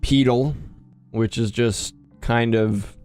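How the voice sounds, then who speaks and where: A man's voice: medium pitch, fairly even intonation, takes it slowly, a little mellow, soft background music. A man, tipsy, co-hosting a let's play at home and bantering about the game with his partner. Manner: bantering, argumentative. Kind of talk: casual gaming chat.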